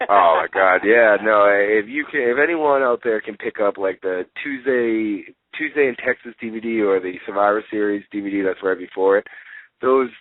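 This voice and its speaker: Young man, low voice, easygoing storyteller, heard over a dry phone line. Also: normal speed, no room sound. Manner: relaxed storytelling, many fillers, laughs easily. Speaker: guest wrestler. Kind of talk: casual interview.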